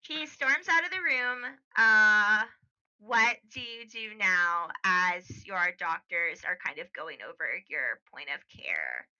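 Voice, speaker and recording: A woman narrating as game master of a tabletop game, pausing often with fillers. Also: mid-range voice, sing-song, bright, forceful tone, clear, resonant tone, highs cut off. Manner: halting, full of fillers.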